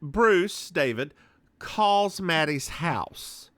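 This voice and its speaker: Man, podcast co-host, slow lively delivery, bright tone, dry close sound. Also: on the high side, no room sound. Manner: camp, animated retelling with put-on voices. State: voice worn from doing accents. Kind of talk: casual recap chat.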